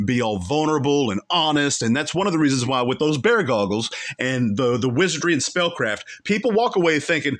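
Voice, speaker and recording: A man's voice: medium pitch, very animated, normal speed, a bit bright. A man hosting a commentary show, angrily calling out someone between clips, with heated, repetitive and emphatic insults.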